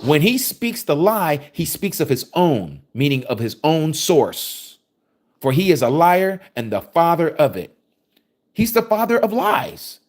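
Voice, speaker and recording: A man's voice: fairly high pitch, big pitch swings, a little slow, a little mellow. A man preaching a scripture study, reading verses aloud and commenting on them with emphasis. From United States.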